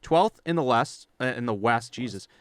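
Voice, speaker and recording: A male podcast co-host who runs through lists of stats and player moves in a brisk reading voice, then slips into casual commentary. His tone is clear and smooth at a middle pitch, recorded dry and close. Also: expressive, fairly bright tone, no echo. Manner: reads off lists of stats and signings briskly, then chats loosely. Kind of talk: casual sports chat.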